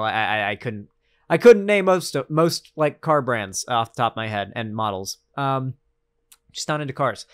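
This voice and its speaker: A man's voice: medium pitch, animated, moderate pace, fairly bright tone. A man streaming casual political commentary, rambling and sarcastic, with lots of fillers and restarts.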